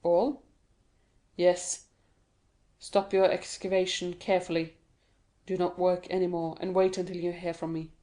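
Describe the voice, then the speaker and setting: A woman voicing an older male prisoner who speaks in a low, guarded, measured way, with a mellow tone. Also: level tone, lightly acted. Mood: cautious.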